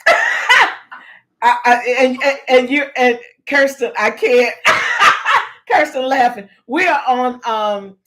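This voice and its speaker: A woman's voice: sits high, huge pitch swings, slow pace, long pauses, bright, forceful tone, slight background noise. A woman hosting a casual livestream chat, playful and teasing, laughing often as she talks to her viewers. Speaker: livestream host.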